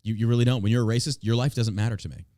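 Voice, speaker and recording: A man's voice: mid-range voice, steady tone, rapid-fire, mellow, dry recording, studio quality. An American man hosting a podcast, ranting in a profane, combative and sarcastic way. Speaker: podcast host. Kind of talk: opinion podcast rant.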